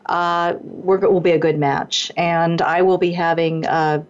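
A middle-aged woman, a singer and voice teacher, telling lively anecdotes as a radio guest, her voice leaping up when she acts out what others said. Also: a little slow, slight background noise. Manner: lively anecdotes, voice leaps high when acting out quotes. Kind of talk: animated storytelling in a radio interview. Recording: dull lo-fi radio broadcast.

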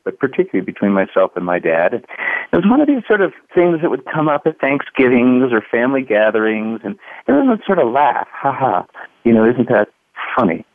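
A man in his fifties from Louisville, Kentucky, USA, speaks in a fairly low voice as a guest author on a radio interview. An animated storyteller, he recounts a family story and acts out the quoted lines, heard over a dry, phone-like line.

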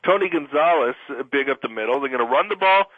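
A tired man hosting a fantasy football chat, firing off quick questions. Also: a little high, animated, dry recording, narrow, tinny audio. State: tired, yawning. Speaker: podcast host.

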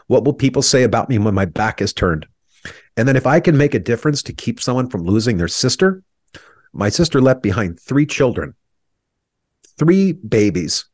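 A man's voice: mid-range voice, a little mellow, dry recording, clean studio sound. Earnest man telling a painful story. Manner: earnest, reflective, voice breaking with emotion at times. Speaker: interview guest. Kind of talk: emotional personal storytelling.

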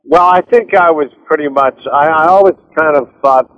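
A man guest on an interview, rambling and animated, with restarts as he tells stories. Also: a little high, moderate pace, highs cut off. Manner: rambling, animated storyteller with many restarts and laughs. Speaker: author and director, interview guest. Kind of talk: casual interview chat.

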